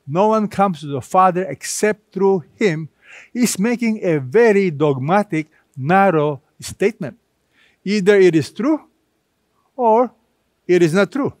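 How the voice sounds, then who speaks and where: A man pastor preaching a sermon, emphatic and repetitive, with dramatic pauses between phrases. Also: high-pitched, lively intonation, darkish tone, dry recording, studio quality.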